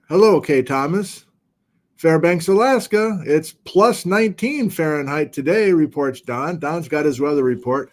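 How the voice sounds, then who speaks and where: An American man hosting a geology livestream, casually reading out where viewers are watching from in a relaxed, chatty way. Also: on the high side. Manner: relaxed, chatty, reads viewer locations aloud. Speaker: geology lecture host.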